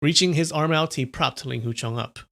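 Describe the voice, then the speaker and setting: A man's voice: a little high, moderate pace, vocal fry, a bit bright. A man reading a novel aloud on a live stream, with casual, chatty asides.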